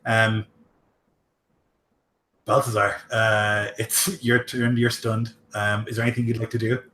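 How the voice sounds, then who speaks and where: A man's voice: fairly low pitch, little pitch movement, measured pace, pushed and bright, roomy sound, a little hiss or hum. A man narrating as game master in a tabletop role-playing game, loose and full of fillers, describing combat in gory detail.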